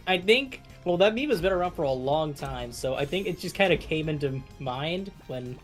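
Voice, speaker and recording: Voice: medium pitch, animated, moderate pace, faint music behind. A co-streamer chatting casually during a game stream, laughing mid-sentence. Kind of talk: casual let's-play chat.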